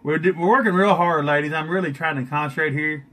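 Man, teasing and boastful, bright voice, fairly high pitch. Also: quick pace. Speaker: guest makeup artist on a live stream. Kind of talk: joking live-stream banter.

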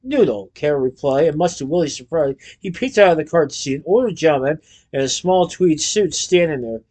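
Male storybook narrator; lively, expressive read. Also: a little high, a little fast. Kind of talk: storybook reading.

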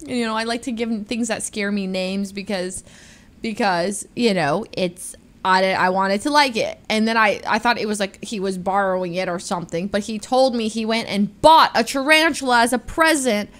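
A young woman streamer telling a story to her chat in a casual, animated way, with lots of restarts and quick jumps into high-pitched quoted voices.

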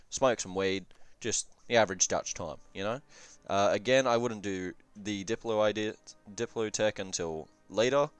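A man's voice: fairly low pitch, smooth, dry recording. A young man giving casual, rambling game review commentary, swearing often and offhand. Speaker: gaming commentator.

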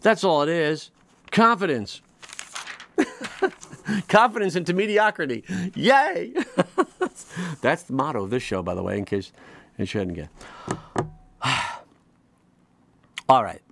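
A man hosting his own comedy show, delivering a rambling, animated monologue full of restarts and quick mock voices. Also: fairly high pitch, creaky, slight background noise. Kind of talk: comic monologue.

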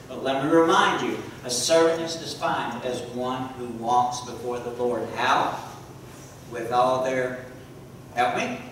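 A man preaching a sermon to a congregation, often pausing to ask the listeners questions and repeating key words. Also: medium pitch, a bit bright, slight background noise. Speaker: preacher and teacher. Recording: echoey hall from far off.

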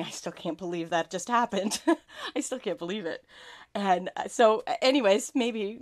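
Bubbly gushing woman hosting a live stream. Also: lowish voice. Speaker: stamping and card-making demonstrator hosting a live video. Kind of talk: casual live-stream chat to viewers.

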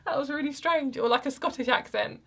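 A woman's voice: high-pitched, brisk, vocal fry. A young woman giving a casual tarot reading to her viewers, chatty and rambling with lots of fillers. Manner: chatty, rambling, soft-spoken with frequent fillers. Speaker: tarot card reader.

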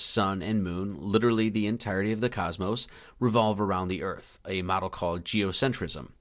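Lowish man narrating calmly. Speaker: video host and narrator. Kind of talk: scripted narration.

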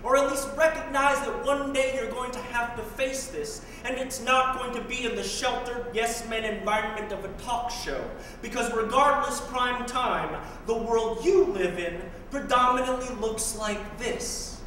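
A man's voice: very high voice, measured pace, few pauses, pushed and bright. Guy doing spoken word poetry live, wry and pointed, echoey hall from far away, faint hiss. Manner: wry, pointed, with sarcastic asides. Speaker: poet. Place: live performance room.

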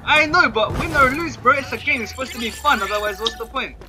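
Young male gaming host, excitable banter, bouncy delivery. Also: very high-pitched, fast, over music. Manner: laughing, teasing, excitable. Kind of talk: casual gaming chat.

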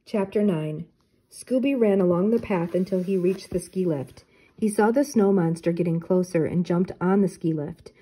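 An older woman reading a children's storybook aloud in clear, even narration. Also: lowish voice, moderate pace. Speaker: storybook reader.

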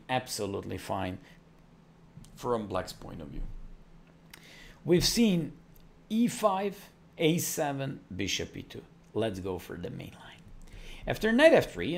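A chess coach talks through variations in a lively, up-and-down voice, reeling off moves quickly with frequent "uh"s. He is a man, an English speaker, recorded with a faint hiss of background noise behind him. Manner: animated, rapid move lists with frequent fillers and pitch jumps. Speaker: chess teacher. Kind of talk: explaining chess opening moves.

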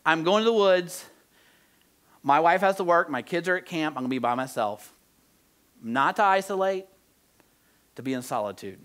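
Brief: male pastor, slightly high voice, earnest conversational sermon delivery. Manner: earnest and conversational, swinging between soft, slow emphasis and animated outbursts. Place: church sanctuary.

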